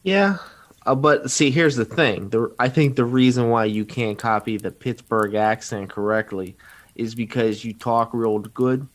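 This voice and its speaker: A man hosting a podcast, joking and laid-back, with frequent pauses and fillers. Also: mid-range voice. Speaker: podcast host. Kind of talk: casual chat.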